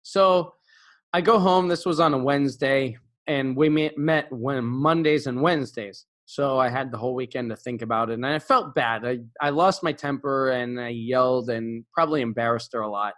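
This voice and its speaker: A young man and English teacher telling a personal classroom story casually, acting out quotes with big pitch jumps and frequent fillers and self-corrections. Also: moderate pace, fairly bright tone.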